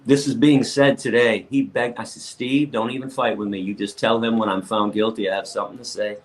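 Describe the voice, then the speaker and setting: A man guesting on a podcast interview, telling blunt, animated stories and often stammering as he restarts his sentences. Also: lowish voice, a little fast, low-quality recording. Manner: blunt and outspoken.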